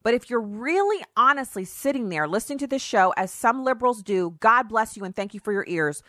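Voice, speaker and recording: A woman hosting a talk radio show, giving animated opinion commentary and mocking opponents in put-on voices. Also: fairly high pitch, fairly quick, no echo, clean studio sound.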